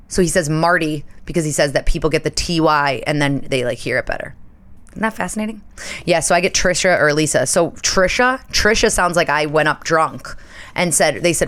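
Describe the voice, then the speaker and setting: Chatty low-voiced woman podcaster. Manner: chatty, animated storytelling with quick asides. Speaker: podcast host. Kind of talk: casual solo podcast chat.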